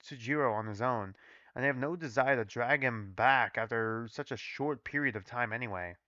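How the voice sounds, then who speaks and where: A man reading as a flat, frustrated young researcher. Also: dry recording, muffled recording, close to an everyday voice. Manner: low flat quick reading.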